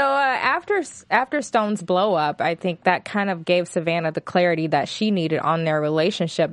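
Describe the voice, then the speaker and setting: Low-voiced young woman recapping in a dry room. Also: no echo. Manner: recaps scenes plainly, with filler words. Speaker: podcast co-host. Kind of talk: casual reality-TV recap chat.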